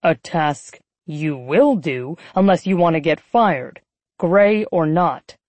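A woman's voice: low voice, lively intonation, takes it slowly, darkish tone, no room sound, heavily acted. A woman voicing a cold, arrogant male newsroom boss who talks in a clipped, menacing, condescending way.

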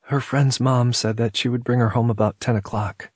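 A man voicing a woman in an audiobook romance, a loving single mother, speaking softly with a slightly raised pitch. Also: fairly even intonation, normal speed, husky, dry recording, clean studio sound, lightly acted. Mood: plain.

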